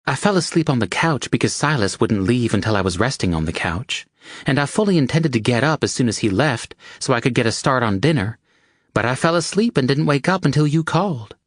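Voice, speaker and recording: A man's voice: mid-range voice, lively intonation, fairly quick, no echo, studio quality, pitched above the performer's own voice, close to an everyday voice. A man voicing an eager young woman in love in an audiobook, with an earnest, breathless delivery.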